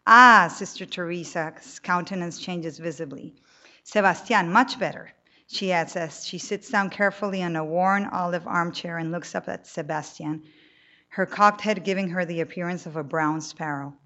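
A woman reading a novel aloud in a measured storytelling manner. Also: lowish voice, fairly even intonation, fairly bright tone, highs cut off. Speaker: reader.

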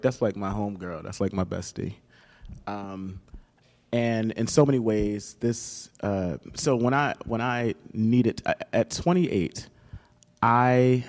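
A man's voice: fairly low pitch, darkish tone, long reverb tail. Man telling a candid personal story. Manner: candid, emotional, casual speech with slang. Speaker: author and guest.

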